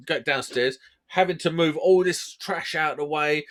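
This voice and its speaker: A man's voice: a little high, moderate pace, a bit bright. A man hosting a podcast, telling stories in casual, laddish banter. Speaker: podcast host. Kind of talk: casual storytelling chat.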